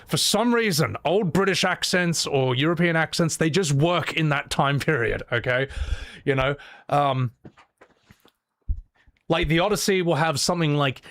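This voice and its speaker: A man's voice: a little high, moderate pace, a bit bright, no echo. A young man chatting casually on a live stream, rambling, swearing and laughing often.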